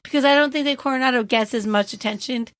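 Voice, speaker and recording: A woman's voice: high voice, quick pace, a bit bright, dry recording. Bubbly woman co-hosting a podcast. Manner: bubbly, enthusiastic, many fillers. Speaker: podcast co-host. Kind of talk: casual chat. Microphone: studio microphone.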